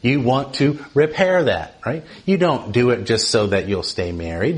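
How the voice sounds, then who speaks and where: A man's voice: moderate pace, few pauses. A man teaching from the Bible in an easy, talkative way. He keeps checking in with "right?" and his voice climbs when he drives a point home. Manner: animated, often asks "right?", rises in pitch for emphasis.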